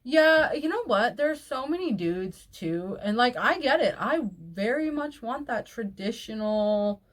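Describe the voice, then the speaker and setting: A woman's voice: a little high, lively intonation, unhurried. Outspoken woman reading and reacting casually. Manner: outspoken and exasperated, swears, laughs often between remarks. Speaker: online video host reading reader posts. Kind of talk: reading posts aloud and reacting with casual commentary.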